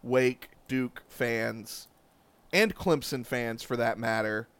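A man's voice: mid-range voice, takes it slowly, fairly bright tone, clean tone, no echo. A man with a slight Southern twang co-hosting a sports podcast in laid-back, joking casual chat. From Charlotte area. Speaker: podcast co-host.

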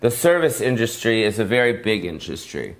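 A man's voice: fairly low pitch, very animated, brisk. A man giving a rambling, profane comedic rant in a casual, repetitive way. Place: Las Vegas.

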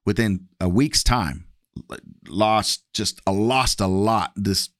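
Slow and a bit bright, this fairly low male voice comes through a dry, studio-quality recording. He's a guest telling his testimony candidly and casually, voicing the people in past conversations with varied tones.

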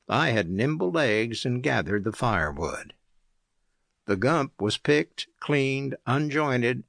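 A man reading an audiobook aloud as narrator, in a measured, even storytelling manner. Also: lowish voice, vocal fry, dry recording, clean studio sound. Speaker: audiobook reader.

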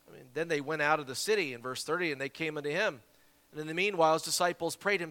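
A man from South Carolina, an evangelist preaching a sermon and telling a story with lively, repeated words. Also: on the high side, fast. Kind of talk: sermon with Bible reading. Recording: long hall reverb.

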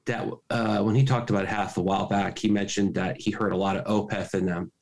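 A man's voice: fairly low pitch, fairly even intonation, a little fast, vocal fry. A man co-hosting a podcast, talking casually and correcting himself as he goes. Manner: rambling, self-correcting. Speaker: podcast co-host. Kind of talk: casual chat.

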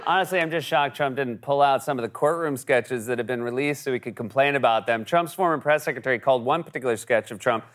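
A man's voice: medium pitch, quick pace, hardly any pauses, fairly bright tone. A man delivering a sarcastic comedic monologue as a late-night television host. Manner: sarcastic, mocking impressions. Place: television studio with audience.

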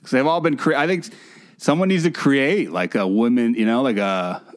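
A man's voice: medium pitch, normal speed. A man co-hosting a podcast, talking casually and animatedly, incredulous and swearing freely. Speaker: podcast co-host. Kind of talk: casual chat.

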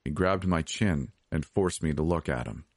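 Deep-voiced man narrating a horror story. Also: normal speed, no echo, clean studio sound. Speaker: podcast narrator.

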